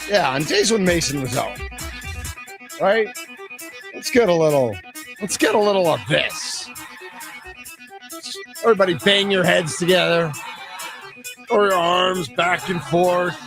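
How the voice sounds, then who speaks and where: A man's voice: high-pitched, a little slow, creaky, long pauses, over music. A man hosting a sports radio show in a studio, bantering playfully and cracking jokes. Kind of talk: casual sports radio chat.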